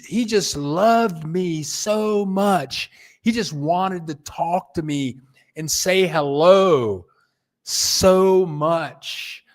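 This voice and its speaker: An older man chatting casually on a live stream, telling stories and reading out viewer comments. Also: a little high. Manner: storytelling, reads viewer comments aloud, chuckles. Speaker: vlogger.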